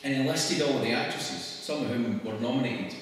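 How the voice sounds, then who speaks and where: A man's voice: medium pitch, expressive, a little hiss or hum. Scottish man speaking in an echoey hall. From Scotland. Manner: conversational and wry, quick laughs. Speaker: speaker at a public event. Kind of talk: public talk to an audience. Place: church hall. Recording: echoey hall recorded from far off.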